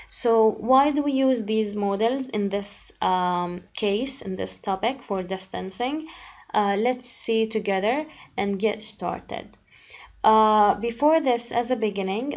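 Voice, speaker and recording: Woman, English teacher, unhurried, hesitant delivery with fillers, muffled low-fi sound. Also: a little mellow. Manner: patient and hesitant, with many ums and uhs. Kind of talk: classroom grammar lesson. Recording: dull lo-fi recording.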